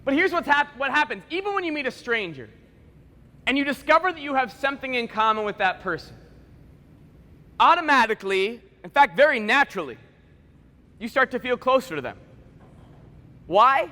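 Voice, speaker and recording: High, bright-voiced male speaker in a reverberant hall. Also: very animated. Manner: playful, joking storyteller acting out quick dialogue. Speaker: motivational speaker. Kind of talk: school assembly speech. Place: large school assembly hall. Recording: echoey hall with long reverb.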